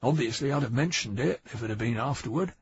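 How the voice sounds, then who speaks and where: A man voicing a slow-witted young male police officer who answers in a high, protesting, bewildered way. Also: husky, dry recording. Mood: defensive. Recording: dry, dull audiobook recording.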